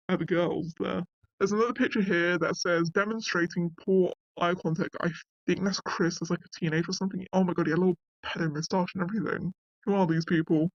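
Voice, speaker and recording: A man's voice: high voice, no echo, highs cut off. A man reading passages from an online article aloud and reacting to them bluntly in casual commentary, cursing now and then.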